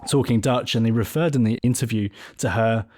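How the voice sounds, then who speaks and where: A man of middle pitch hosting a film podcast. He speaks in a thoughtful, academic way and builds his points as he talks with his guest. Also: a little fast, warm tone. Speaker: podcast host. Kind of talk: conversational podcast interview.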